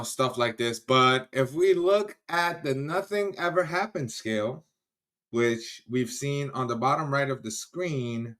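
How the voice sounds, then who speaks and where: Casual livestream chat comes from a man whose voice is mid-range with a fairly bright tone. Greeting viewers by name, he's loose and chatty, quick to laugh, and prone to trailing off and restarting.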